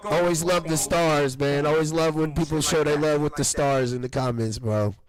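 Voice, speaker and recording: A man hosting a casual live-streamed podcast, telling stories with laughs and shouting out commenters. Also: a little high, steady tone, normal speed, music in the background, poor audio. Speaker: podcast host.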